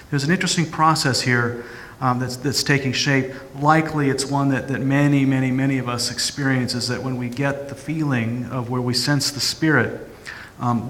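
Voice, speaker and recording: A male pastor giving a reflective sermon, halting with restarts, in a church sanctuary. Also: mid-range voice, a bit bright, slight background noise. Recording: long church hall reverb.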